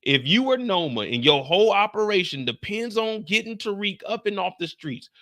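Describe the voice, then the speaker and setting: A young man recapping a TV episode on a live stream, telling it in an animated, profane way and talking to his chat. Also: sits high, moderate pace.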